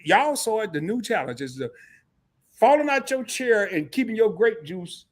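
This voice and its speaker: A man hosts a casual live-stream chat in a high-pitched voice with big pitch swings at normal speed. He jokes and speaks directly to his viewers while sore from a fall.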